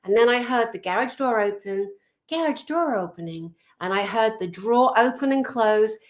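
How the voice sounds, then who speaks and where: Brief: woman, guest on a video call, chatty storyteller with a fairly high voice, lots of ums and sos. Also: moderate pace. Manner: animated, chatty, with frequent fillers.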